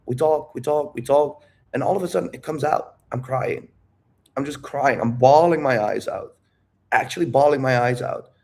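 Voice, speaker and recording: Guy talking dating stuff, candid and rambly, keeps saying dude and bro, mid-pitch voice. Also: normal speed, creaky, a little mellow. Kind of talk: casual talk.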